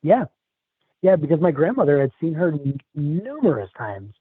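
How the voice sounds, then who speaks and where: Man from the Chicago area, halting storyteller, phone-line sound, dry. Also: fairly high pitch, sing-song, breathy edge, no room sound. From Chicago area, USA. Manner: halting, with many restarts. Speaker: guest telling a personal story. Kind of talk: casual storytelling.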